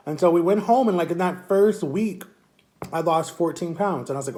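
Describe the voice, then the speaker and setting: A man's voice: high-pitched, normal speed. Rambling young man vlogging his story. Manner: rambling, repetitive, animated retelling. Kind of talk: casual storytelling to camera.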